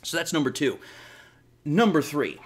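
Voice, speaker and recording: A man talks through sports rumors on his own show, arguing each point bluntly and with heavy emphasis. His voice sits a little higher than most men's. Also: sing-song, moderate pace, breathy edge. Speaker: sports commentary host. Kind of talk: opinionated solo sports commentary.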